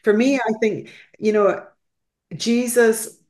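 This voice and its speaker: A woman's voice: a little high, steady tone, slow, darkish tone. Woman pastor, heartfelt and earnest, conversational faith talk.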